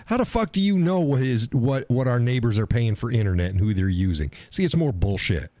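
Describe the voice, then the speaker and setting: A man's voice: mid-range voice, big pitch swings, brisk, few pauses, dark tone, dry recording. A middle-aged American man hosting a live stream, ranting casually in a profane, rambling way and mocking other people's words. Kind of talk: casual storytelling rant.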